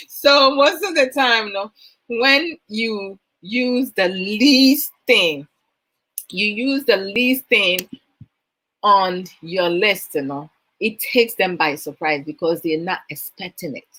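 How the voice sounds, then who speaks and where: A woman's voice: mid-range voice, slow, sharp tone, poor audio. A woman with a Ghanaian accent, probably in her thirties, hosting a motivational talk. She asks her listeners questions as she talks and mixes in Twi phrases. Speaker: host.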